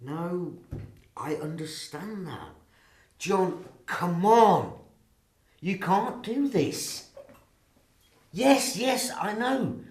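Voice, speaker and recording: A man's voice: fairly high pitch, big pitch swings, slow, roomy sound. An actor playing a young Englishman who pleads insistently in an argument, his voice climbing as he speaks. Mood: pleading, exasperated.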